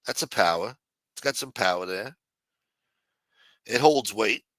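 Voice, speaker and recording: A man's voice: on the low side, lively intonation, unhurried, pushed and bright, dry recording. A man hosting a late-night livestream, chatting loosely and profanely while answering viewers in the chat. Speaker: livestream host.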